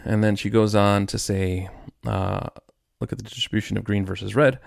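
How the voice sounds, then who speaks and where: A man's voice: on the low side, little pitch movement, normal speed, creaky, no echo, studio quality. A man hosting his own podcast, ranting in a frustrated, rambling way with many restarts. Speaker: podcast host. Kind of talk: solo podcast rant.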